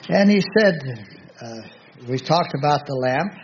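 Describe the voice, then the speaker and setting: A man preaching a Bible study sermon, reading scripture aloud slowly and pausing often to restart his thoughts. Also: fairly high pitch, expressive. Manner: slow, halting, with many restarts and fillers; reads scripture aloud in a slow, measured voice. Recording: dull lo-fi recording with faint background noise.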